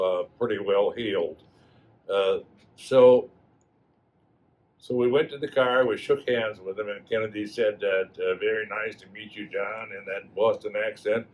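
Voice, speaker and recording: Halting elderly man reminiscing. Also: fairly low pitch, poor audio. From Wisconsin. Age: 80s. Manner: halting, many fillers and restarts. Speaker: alumnus guest. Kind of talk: reminiscing storytelling.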